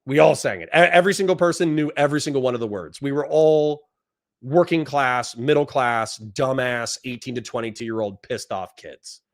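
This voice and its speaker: A man's voice: medium pitch, moderate pace. A man, a Marine veteran, telling a rambling, profane story in casual chat and often breaking into laughter.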